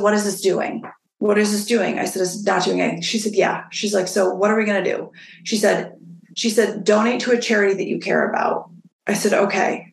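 A woman business owner telling stories in a relaxed interview, slipping into the voices of the people she quotes. Her voice has a gravelly edge. The room around her sounds roomy and echoey. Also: mid-range voice. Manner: animated, acts out quoted dialogue. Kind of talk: casual interview storytelling.

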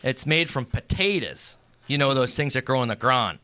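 A man's voice: medium pitch, expressive, moderate pace, pushed and bright, pitched below the performer's own voice. A man voicing a brash, folksy Pennsylvania Dutch home cook with a thick Pennsylvania Dutch accent, talking a blunt comedic bit on a talk show. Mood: boastful. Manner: boastful, folksy, blunt put-downs. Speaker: guest.

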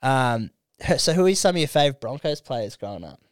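A man's voice: mid-range voice, big pitch swings, brisk, clean tone, dry recording, clean studio sound. A young Australian man telling stories in casual podcast chat, swearing freely and filling his speech with "like". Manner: laid-back storyteller, swears freely, lots of "like".

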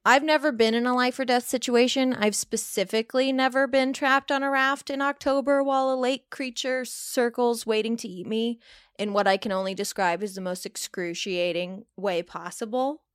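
A woman in her thirties co-hosting a podcast, chatting casually and reading a horror passage aloud with animated emphasis. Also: on the high side, moderate pace, clean tone, dry recording, studio quality. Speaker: podcast co-host.

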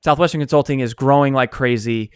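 A man, an author who runs a coaching company, telling stories in a conversational interview, animated and acting out quotes. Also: medium pitch, fairly quick, clear, resonant tone, no room sound, studio quality. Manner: animated storyteller, acts out quotes.

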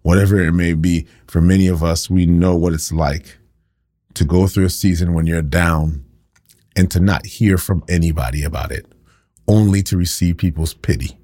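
A man's voice: sits low, steady tone, normal speed, mellow, no echo, studio quality. A man preaching a sermon with passion, acting out the voices of the people he quotes.

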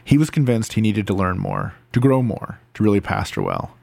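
Low gravelly male narrator. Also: wildly swooping pitch, moderate pace, a little mellow, dry recording. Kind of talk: scripted narration.

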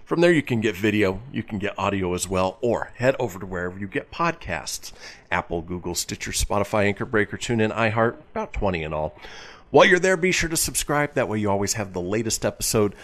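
A man hosting a radio talk show, chatting with a co-host and reading promos in an animated announcer style. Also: on the low side, fairly quick.

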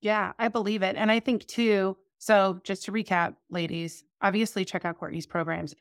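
A woman's voice: mid-range voice, fairly even intonation, moderate pace, dry recording, studio quality. A woman in her forties hosting a podcast, chatty and candid, telling stories and swearing casually. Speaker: podcast host.

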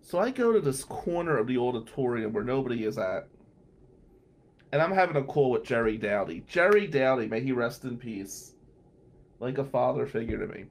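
A man's voice: medium pitch, lively intonation, moderate pace, vocal fry. A man in his forties hosting a podcast, telling a blunt, profane story in a casual monologue. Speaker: podcast host, defense attorney.

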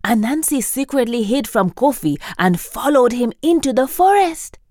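A woman narrating a children's story in a bright, expressive way, her mid-range voice rising and falling with lots of movement. Soft music plays faintly underneath her storytelling. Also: a little high, moderate pace. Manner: lively, expressive, asks listeners questions.

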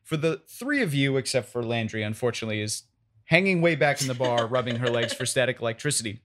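A man's voice: medium pitch, lively intonation, fast, heavy background noise. A man running a tabletop game as game master, narrating in a casual, descriptive way with fillers.

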